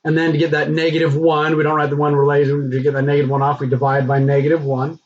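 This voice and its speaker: A man teaching a recorded math lesson, talking through the steps in a relaxed, conversational way with frequent fillers. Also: fairly high pitch, fast, a little hiss or hum. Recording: dull lo-fi recording.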